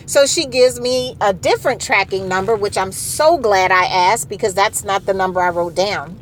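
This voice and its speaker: A middle-aged woman telling a story in a casual, animated way, exasperated and repeating herself for effect. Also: mid-range voice, moderate pace, a little hiss or hum, poor audio.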